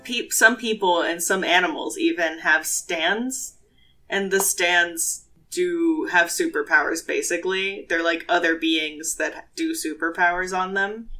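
A woman's voice: fairly low pitch, steady tone, a little slow, pushed and bright, soft background music. A woman co-hosting a podcast, explaining things in a rambling way full of fillers and laughs. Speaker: podcast co-host. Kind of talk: casual chat.

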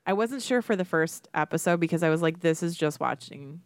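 A woman's voice: lowish voice, expressive, fairly quick, dry recording, studio quality. A woman co-hosting a podcast in casual, rambling chat full of fillers. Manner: chatty, rambling with many fillers. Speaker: podcast co-host.

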